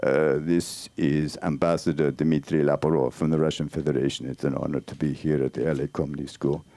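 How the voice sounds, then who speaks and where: A man putting on a gravelly Russian ambassador. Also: rumbling low, level tone, a little fast, warm tone, no room sound, voice pushed down. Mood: stiffly formal. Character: pompous Russian male ambassador, stiff and formal. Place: small comedy club stage.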